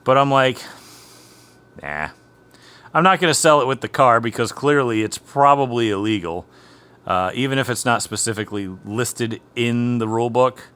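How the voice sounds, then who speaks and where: A man's voice: mid-range voice, fairly quick, fairly bright tone, clean tone. Man, garage vlog host, chatty, rambling storyteller, casual and amused, talking while he works. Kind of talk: casual chat while working on a race car. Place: home garage.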